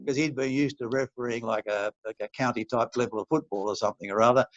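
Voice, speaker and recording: An older Australian man, a retired referee, rambling through stories in a relaxed interview with chuckles and restarts. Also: medium pitch, fast talker, dry recording. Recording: dull, dry lo-fi recording.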